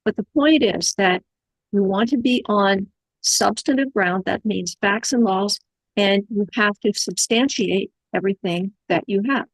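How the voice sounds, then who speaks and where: A woman on a video call, explaining in a measured, instructive way as a community adviser. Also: medium pitch, dry recording, poor audio. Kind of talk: explanatory discussion.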